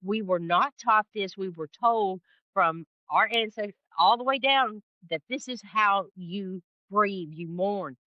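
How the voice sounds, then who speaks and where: A woman guest telling a personal story in an interview, expressive and emphatic, acting out the voices she quotes. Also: medium pitch, a little slow, no room sound, lo-fi sound. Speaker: podcast guest, spiritual guide. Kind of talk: animated storytelling in conversation.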